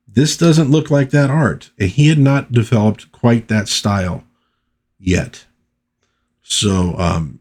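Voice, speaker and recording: Male comic reviewer, chatty asides, lowish mellow voice. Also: breathy edge. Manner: relaxed, conversational, chatty asides. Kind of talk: casual commentary, reading comics aloud.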